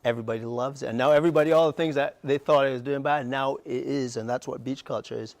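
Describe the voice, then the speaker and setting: A middle-aged Barbadian-accented guest on a morning TV show talks with passion and emphasis, in quick bursts that rise into outbursts. Captured in a TV studio without echo, his medium-pitched voice is steady in tone and a little mellow.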